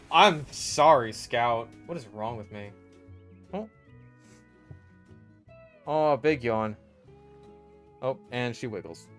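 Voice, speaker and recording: A man casually commentating his own gameplay, swearing freely and breaking into loud exasperated yelling. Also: mid-range voice, slow pace, pauses often, soft background music. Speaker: gaming video creator.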